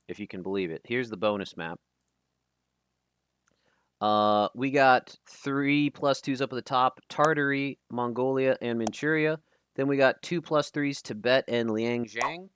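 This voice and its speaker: A man casting a live game tournament stream in a casual, chatty way, often stumbling over names. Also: mid-range voice. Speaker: tournament caster. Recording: loud background noise.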